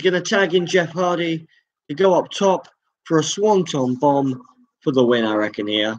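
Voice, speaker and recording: A man hosting a live reaction stream, calling wrestling moves with excited jumps and chatting to his viewers. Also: on the high side, normal speed, rough recording. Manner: chatty, thanks viewers directly.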